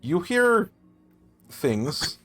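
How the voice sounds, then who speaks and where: Slow, animated male game master, low-pitched, casual and profane. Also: faint music behind. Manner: casual, swearing, lively narration. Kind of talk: narrating a tabletop game.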